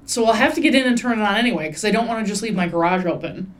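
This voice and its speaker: A woman's voice: medium pitch, lively intonation, rapid-fire. A young adult woman, hosting a casual podcast chat in a rambling, wry and profane way. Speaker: podcast host.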